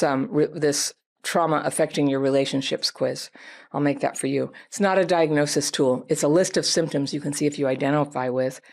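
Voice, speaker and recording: A woman with a low voice gives advice in reply to a viewer's letter. She sounds gentle and reflective and talks straight to the person who wrote in. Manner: gentle, reflective, speaks directly to the listener. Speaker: advice host.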